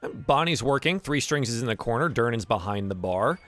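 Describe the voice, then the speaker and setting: A man's voice: mid-range voice, expressive, fairly quick, a bit bright. A man running a tabletop game as game master, narrating casually with plenty of fillers.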